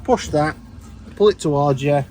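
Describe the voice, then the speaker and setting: A joking man shows off a car outdoors, chatting loosely and laughing as he goes. His voice sits a little high for a man, with a steady hiss of outdoor noise behind him. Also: normal speed. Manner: jokey, rambling, laughs often. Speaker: car reviewer. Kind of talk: casual car review.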